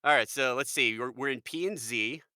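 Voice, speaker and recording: An American man, a voice actor, chatting in a lively, jokey way as a podcast guest. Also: medium pitch, normal speed, dry recording, studio quality. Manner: animated, jokey, full of fillers. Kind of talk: casual podcast chat.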